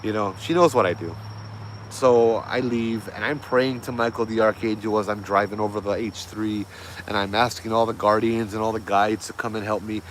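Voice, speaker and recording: A man's voice: lowish voice, fairly even intonation, moderate pace, a little hiss or hum, poor audio. A middle-aged man, casually telling a ghost story in a loose, rambling way, correcting himself as he goes. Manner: easygoing, rambling with fillers and self-corrections.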